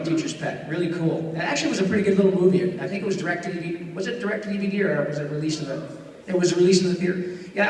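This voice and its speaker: A man talking to a live crowd with a high, bright voice, joking and chatty as he takes questions. He is heard from far off in an echoey hall with a long reverb and a faint hum behind him. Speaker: voice actor giving a live talk. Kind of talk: live talk with audience Q&A. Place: live venue in front of an audience.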